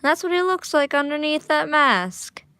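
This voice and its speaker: A woman's voice: high-pitched, expressive, unhurried, sharp tone, dry recording. A young woman chatting casually at home while drawing, rambling, restarting, and poking fun at herself. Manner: rambling, self-mocking, restarts often. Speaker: art vlogger. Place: living room at home.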